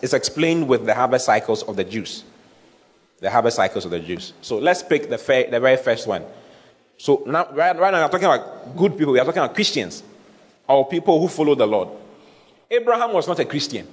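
A man preaching a teaching sermon, repeating key phrases and checking that his listeners follow. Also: mid-range voice. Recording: long hall reverb.

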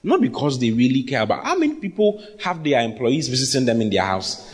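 Lively pastor preaching in a hall. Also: male voice, mid-range voice, brisk. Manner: animated, teasing, repeats phrases for emphasis. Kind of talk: sermon.

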